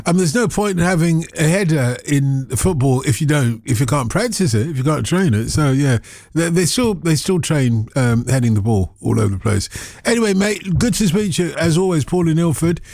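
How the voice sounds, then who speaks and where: A man's voice: on the high side, lively intonation, brisk, a little mellow, no echo, clean studio sound. A man hosting a radio phone-in, chatting casually and teasing his callers.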